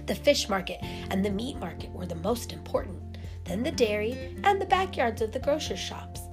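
Expressive woman reading a storybook. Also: medium pitch, normal speed. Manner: lively and expressive. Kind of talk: storybook narration. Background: music.

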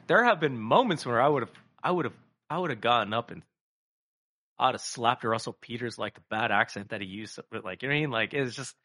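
A man co-hosting a casual comedy chat, rambling and animated, swearing freely and acting out quoted voices. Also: mid-range voice. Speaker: podcast co-host.

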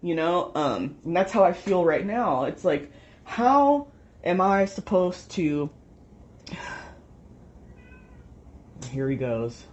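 A woman's voice: fairly low pitch, lively intonation, slow. Frustrated young woman venting, lo-fi. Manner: frustrated, swears often, rambling. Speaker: vlogger. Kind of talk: casual venting monologue. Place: at home. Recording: dull lo-fi home recording.

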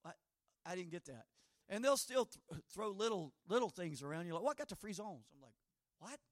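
A man's voice: high-pitched, a little fast, no room sound, studio quality. A middle-aged man preaching a sermon, telling personal stories and acting out the dialogue in them. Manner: storytelling, acts out dialogue, animated asides.

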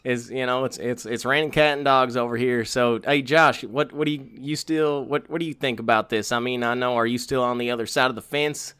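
A man's voice: mid-range voice, fairly even intonation, a little fast, few pauses, bright, forceful tone, clear, resonant tone, dry recording. A man co-hosting a casual podcast, rambling in a folksy way with country sayings and lots of filler words. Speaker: podcast co-host. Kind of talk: casual podcast banter about fantasy football.

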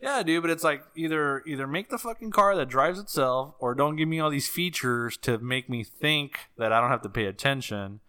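A man rants on a podcast in loose, profane talk, tossing in "dude" often. His voice is bright and sits at a middle pitch. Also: lively intonation, normal speed, few pauses, clean tone. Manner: profane, ranting, says dude a lot. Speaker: podcast co-host. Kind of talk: casual chat.

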